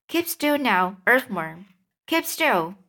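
A woman reading aloud and voicing a brave, quick-thinking young boy who gives urgent commands. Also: on the high side, big pitch swings, fairly bright tone, exaggerated voice.

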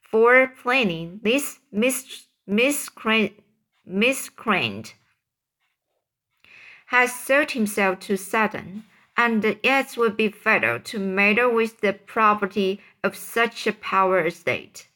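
A woman's voice: mid-range voice, slow, pushed and bright. A woman reading a classic novel aloud, stumbling and restarting on hard words. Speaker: reader.

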